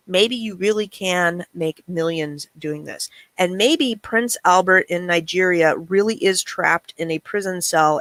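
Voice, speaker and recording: A woman's voice: fairly low pitch, a bit bright, dry recording. A middle-aged woman hosting a casual livestream chat, reading messages aloud with wry, chatty remarks. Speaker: reseller channel host.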